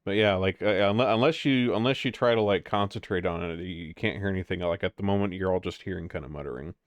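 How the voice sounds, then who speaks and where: Low-voiced rambling man game master. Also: fast talker, dry recording. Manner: rambling, lots of fillers. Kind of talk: narrating a tabletop game.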